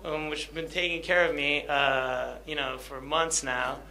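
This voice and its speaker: A man's voice: fairly high pitch, steady tone, a little slow, gravelly, sharp tone. Hesitant young man sharing his story. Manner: hesitant, lots of fillers, laughing at himself. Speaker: guest speaker. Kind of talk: personal story told to an audience.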